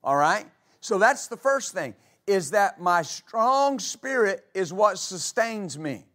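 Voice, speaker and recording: A man's voice: sits high, sing-song, slow pace, fairly bright tone. A man preaching a sermon as pastor, reading scripture aloud and asking his congregation rhetorical questions. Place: church.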